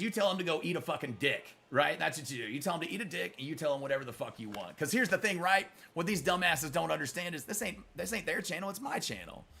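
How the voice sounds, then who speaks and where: His mid-range voice is gravelly, pushed and bright as this middle-aged man plays and chats on a live stream. He sits close to his mic, calls his viewers brother, and gets blunt and profane with trolls.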